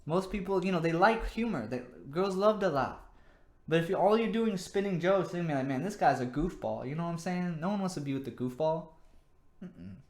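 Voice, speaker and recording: A man's voice: sits high, expressive, a little fast, a little mellow. A man hosting his own vlog, giving dating advice in a rambling, casual monologue, repeating words and saying "you know" often. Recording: echoey room.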